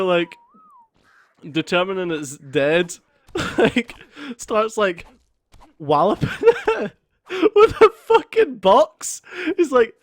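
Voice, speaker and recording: A young man with a high voice hosts a let's play, casually telling a story over gameplay, swearing and laughing as he goes. The recording is dry.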